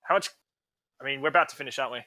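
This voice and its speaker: A man playing a tabletop game, talking casually in an excitable way. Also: mid-range voice, racing, no echo. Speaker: player.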